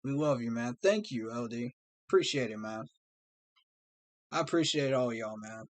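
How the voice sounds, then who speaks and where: A man's voice: mid-range voice, normal speed, dry recording. A man, hosting a fan livestream and speaking to his viewers in an earnest, heartfelt way. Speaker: fan streamer host. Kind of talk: livestream talk to fans.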